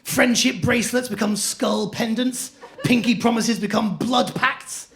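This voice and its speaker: A man doing stand-up comedy on a club stage, telling stories in an animated way and slipping into voices. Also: extremely high pitch, a little slow, creaky. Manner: animated storytelling, shifting into acted-out voices. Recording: live comedy club with audience laughter.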